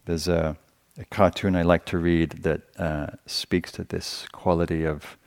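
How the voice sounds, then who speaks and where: A male meditation teacher giving a dharma talk in a gentle, conversational way, often searching for words. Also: sits low, flat delivery, unhurried.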